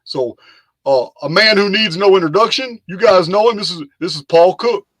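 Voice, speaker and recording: A Texas-based man hosts a casual live stream chat, loose and rambling, often repeating himself. His voice sits high and his pace is moderate. A loud crowd can be heard.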